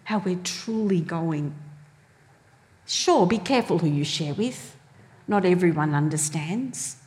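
A woman's voice: on the low side, a little mellow. A woman preaching a sermon, telling stories animatedly and acting out the voices she quotes. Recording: long hall reverb.

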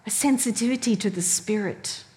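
A woman's voice: mid-range voice, moderate pace, dark tone. A woman preaching a sermon, telling stories animatedly and acting out the voices she quotes. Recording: long hall reverb.

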